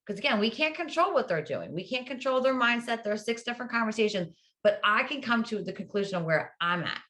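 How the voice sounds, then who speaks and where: A woman's voice: fairly high pitch, animated, quick pace, hardly any pauses, bright, forceful tone. A woman guest in a casual interview, an upbeat educator explaining ideas and often adding "right?". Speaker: guest, public health educator.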